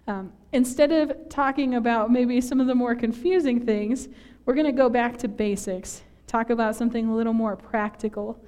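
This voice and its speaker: Woman pastor from northern minnesota, slightly high voice, chatty and laughing at herself through the sermon. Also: normal speed, a little mellow, smooth. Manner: chatty, self-deprecating, laughs often. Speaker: preacher. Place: church.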